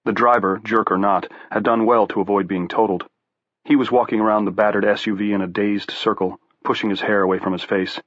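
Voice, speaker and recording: A man with a lowish voice narrates a horror audiobook at a measured storytelling pace. The sound is dry and close, with muffled highs and no room around it. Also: fairly even intonation, a bit bright, no room sound. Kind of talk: scripted narration.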